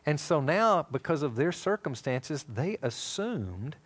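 Animated man teaching a Bible lesson. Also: fairly high pitch, unhurried. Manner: animated storytelling, acting out dialogue. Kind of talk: sermon-style teaching.

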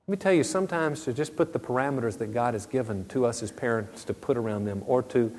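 Earnest middle-aged preacher in a reverberant hall. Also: male voice, mid-range voice, a little mellow. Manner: earnest, conversational preaching with storytelling asides. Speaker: pastor. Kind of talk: sermon. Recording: long reverb of a large hall.

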